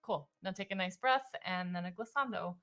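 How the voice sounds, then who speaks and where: A woman voice coach leading a livestream singing warm-up, chatty and self-deprecating, demonstrating sung exercises on simple syllables. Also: fairly low pitch, brisk, faint music behind. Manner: chatty and self-deprecating, laughing at her own slips.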